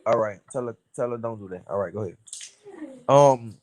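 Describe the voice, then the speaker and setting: A man's voice: medium pitch, brisk, over a noisy crowd. A man with an American accent, a boxer chatting casually and slangily as a guest over a remote call. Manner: laid-back, slangy, "you know what I'm saying" fillers. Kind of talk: casual chat.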